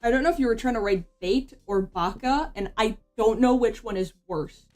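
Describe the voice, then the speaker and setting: A woman's voice: fairly high pitch, moderate pace, darkish tone, faint music behind. A woman VTuber chatting casually while she draws, rambling in slangy speech with swearing and frequent "bro". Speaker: VTuber streamer. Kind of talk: casual commentary while drawing.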